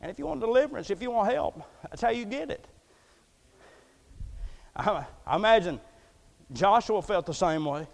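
A man's voice: sits high, expressive, moderate pace, gravelly, long pauses. A man preaching a folksy, storytelling sermon in a church, acting out the quotes as he goes. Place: church hall. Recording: echoey hall.

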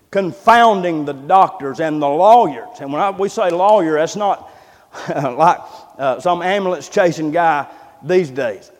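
A man preaching a sermon with fervent, repetitive phrasing that builds to loud exclamations. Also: fairly high pitch. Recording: long reverb of a church hall.

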